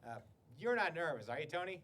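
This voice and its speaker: A man's voice: a little high, big pitch swings, fast, fairly bright tone. A man playing a slick, sarcastic game-show host with mock politeness. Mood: smarmy.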